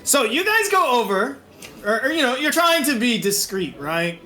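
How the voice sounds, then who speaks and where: A man narrating a tabletop game as game master, playful and animated. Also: extremely high pitch, moderate pace.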